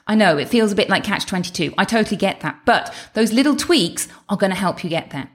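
A woman talking as a weight-loss coach, chatty and encouraging, with asides and quick self-corrections. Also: medium pitch. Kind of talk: direct-address coaching talk.

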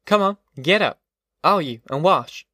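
A man voicing a weary, determined migrant farm mother who gives brisk orders. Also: high voice, expressive, pushed and bright, no echo, studio quality, voice pushed up, exaggerated voice. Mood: brisk, commanding. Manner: brisk, commanding.

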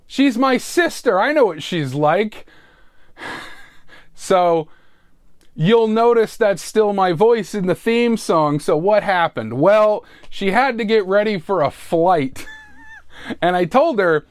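A man hosting his own podcast, chatting through show housekeeping in an animated, jokey way with wry asides, close on a podcast mic. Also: high voice, moderate pace, clean tone, no echo. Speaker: podcast host and producer. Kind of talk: casual solo podcast housekeeping.

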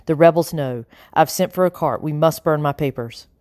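A woman voicing a stern, panicked colonial gentleman who gives curt orders as he flees arrest. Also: deep voice, normal speed, dry recording, studio quality, close to an everyday voice. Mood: urgent. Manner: curt, commanding.

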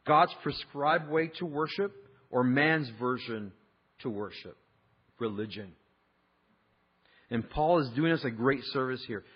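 A man's voice: medium pitch, measured pace, long pauses, husky, dull audio. A man preaching a sermon, conversational and emphatic, mixing scripture with personal stories. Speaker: pastor.

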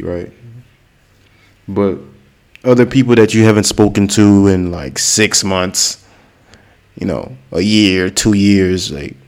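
Low-ish American male host from Florida, chatty and slow, repeats words for learners. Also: a little mellow. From Florida, United States. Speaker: host teaching English. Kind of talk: casual language-learning monologue.

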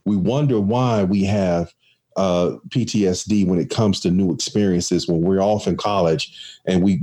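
A man's voice: low voice, warm tone, slightly rough. A man in casual conversation, reflective and storytelling, with many restarts.

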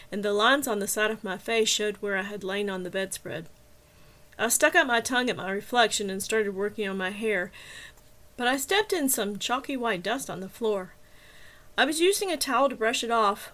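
A woman narrating a story in the first person, steady and even. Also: medium pitch. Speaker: audiobook narrator.

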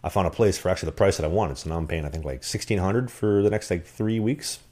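A man telling rambling, animated stories in casual chat on a podcast. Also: deep voice, quick pace. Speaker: podcast guest. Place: rented apartment.

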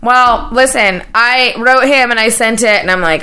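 A woman's voice: a little high, moderate pace, bright, forceful tone, clean tone. A woman in her thirties co-hosting a podcast, telling a rambling, profane story in casual chat. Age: 30s. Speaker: podcast co-host.

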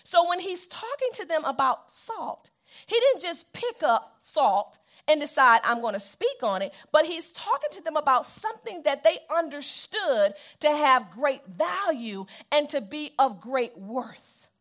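High-voiced woman preaching with call-and-response. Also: sing-song, a little slow, fairly bright tone. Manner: call-and-response, repeats phrases for emphasis. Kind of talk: sermon.

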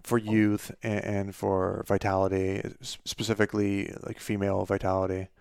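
A man's voice: lowish voice, little pitch movement, normal speed, vocal fry, a little mellow, smooth, no echo, studio quality. A man co-hosting a casual literary discussion, reflective, often repeating words as he restarts. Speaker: podcast co-host discussing a classic novel.

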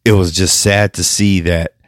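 Deep-voiced man, choked up on his podcast. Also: little pitch movement, dry recording, clean studio sound. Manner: emotional, halting, with restarts and laughs through tears. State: choked up, near tears. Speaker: podcast host. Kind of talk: personal podcast monologue.

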